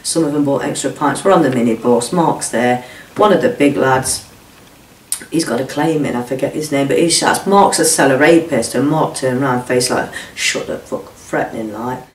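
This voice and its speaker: Speaking in a very deep, darkish voice at a moderate pace, the middle-aged whistleblower bluntly and emotionally recounts what she witnessed, cursing freely and mimicking others' words. A distant mic in an echoey room catches slight background noise.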